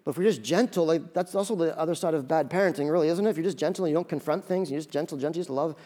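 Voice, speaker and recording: A male pastor delivers a sermon in a relaxed, conversational style, tossing in quick jokes and asides. His voice is high for a man and moves between loud, emphatic bursts and soft, quiet stretches, staying animated throughout.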